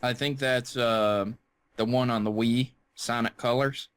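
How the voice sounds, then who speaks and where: A young man co-hosting a podcast in casual chat, joking and laughing with quick bursts of excitement. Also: mid-range voice, smooth. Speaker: podcast co-host.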